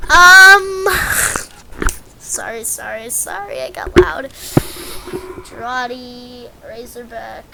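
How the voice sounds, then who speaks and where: Rambling woman narrating gameplay, noisy. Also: fairly high pitch. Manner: rambling, self-deprecating, easily excited. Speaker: game guide presenter. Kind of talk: casual gameplay commentary.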